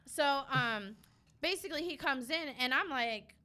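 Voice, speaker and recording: A woman's voice: high-pitched, normal speed, sharp tone. A young woman guest on a podcast, chatty and sassy, telling a story with lots of swearing. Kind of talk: casual storytelling chat.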